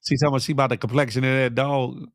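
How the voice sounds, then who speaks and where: On his morning livestream, a middle-aged host reads out what viewers have written, bantering loosely with slang and lots of laughs. He has a mid-range voice, and the studio-quality audio carries no echo.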